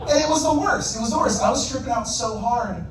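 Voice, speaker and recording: A man's voice: extremely high pitch, fairly quick. A man doing a stand-up comedy set in a club, working the crowd and hitting punchlines hard. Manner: crowd work, loud punchlines. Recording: echoey club, distant mic, audience noise.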